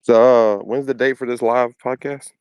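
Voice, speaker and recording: A man's voice: medium pitch, fairly even intonation, normal speed, darkish tone, smooth, no echo. A man co-hosting a casual podcast, slangy and swearing, laughing often. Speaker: podcast co-host.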